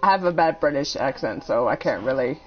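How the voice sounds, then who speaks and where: A woman's voice: a bass voice, animated, brisk, slight background noise. A young woman streaming a game, chatting casually with frequent swearing and banter, on a headset. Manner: swears freely, bantering and giggly. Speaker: gaming streamer. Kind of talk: casual gaming chat. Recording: slightly dull lo-fi stream audio.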